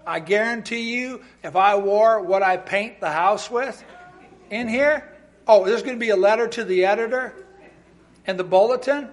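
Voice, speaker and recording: A man preaching a sermon in a church, animated and emphatic, with humorous asides to the congregation that rise into loud outbursts. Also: high-pitched, moderate pace. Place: church sanctuary.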